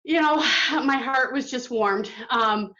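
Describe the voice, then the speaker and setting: Excited woman caller, bright and lo-fi. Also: fairly high pitch. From Michigan. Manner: excited, halting, many restarts. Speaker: caller sharing a memory. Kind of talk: casual storytelling.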